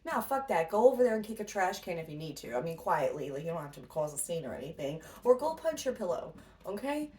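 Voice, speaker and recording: A woman's voice: lowish voice, big pitch swings, fast talker, a little mellow. A woman giving a casual spiritual pep talk as a tarot reader, blunt and profane, often laughing. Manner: blunt, swears freely, laughs a lot. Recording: distant mic with faint noise.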